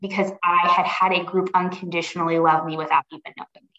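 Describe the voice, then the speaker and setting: A woman's voice: lowish voice, level tone, pushed and bright. Earnest woman guest, roomy dull sound. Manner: earnest and reflective, pausing to rephrase. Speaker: podcast guest. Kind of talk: personal story in a podcast interview.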